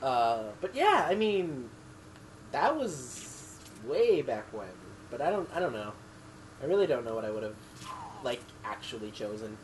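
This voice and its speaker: Give me a relaxed man commenting on a video game with friends, his thoughts wandering and restarting. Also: mid-range voice, a little slow, a little hiss or hum, rough recording. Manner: rambling, full of "like" and restarts. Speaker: let's play commentator. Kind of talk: casual chat over gameplay.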